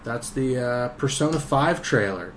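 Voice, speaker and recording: A man hosting a casual podcast, hesitant and halting, full of fillers and restarts. His pitch is ordinary, with faint noise in the background. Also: expressive. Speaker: podcast host. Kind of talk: casual chat.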